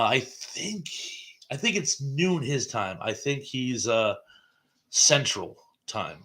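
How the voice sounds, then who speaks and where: A man's voice: medium pitch, pushed and bright. A man in his fifties hosting a casual live stream, reading viewer comments aloud in a chatty, rambling way. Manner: chatty and rambling, with frequent fillers and chuckles.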